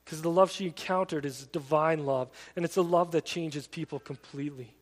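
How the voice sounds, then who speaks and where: High-voiced man preaching in an echoing hall. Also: normal speed. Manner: conversational, earnest storytelling preacher. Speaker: pastor. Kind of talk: sermon. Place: church sanctuary. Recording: long reverb of a large hall.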